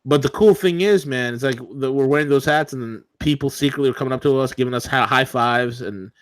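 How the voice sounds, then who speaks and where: A combative, sarcastic man co-hosting a political talk show. He rants in a middle-pitched voice, and the studio sound is dry and close. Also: brisk, dry recording.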